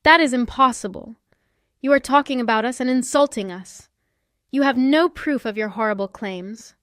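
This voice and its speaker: A woman's voice: a little high, normal speed, a bit bright, no room sound, clean studio sound, natural voice. A woman doing an indignant older mother-in-law.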